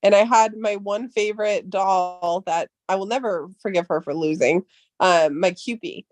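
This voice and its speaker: A woman's voice: mid-range voice, moderate pace, a little mellow, no echo. A woman in her thirties chatting casually as a podcast co-host, telling rambling stories full of swearing. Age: 30s. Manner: profane, rambling storytelling. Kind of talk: casual chat.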